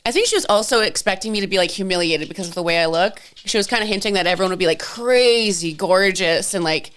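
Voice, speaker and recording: A woman's voice: medium pitch, quick pace, a bit bright, a little hiss or hum. A woman co-hosting a podcast, chatting casually and telling stories, often acting out what other people said. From Canada. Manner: chatty storyteller, acts out quotes. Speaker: podcast co-host. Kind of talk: casual chat.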